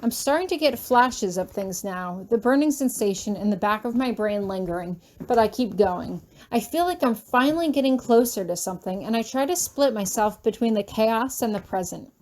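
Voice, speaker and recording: A woman who reads fan fiction aloud, narrating a first-person story in a steady, soft-spoken way. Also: a little high, moderate pace, hardly any pauses.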